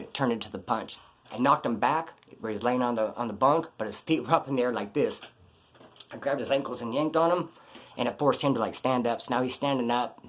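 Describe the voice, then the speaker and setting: A man casually telling a prison story in blunt, profane street slang. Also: mid-range voice.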